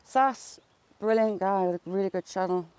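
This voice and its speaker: A woman's voice: medium pitch, moderate pace, darkish tone, clean tone, dry recording. Chatty woman vlogger, outdoors by a river, phone mic, talks to herself and laughs a lot. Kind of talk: casual walking vlog, chatting to live viewers.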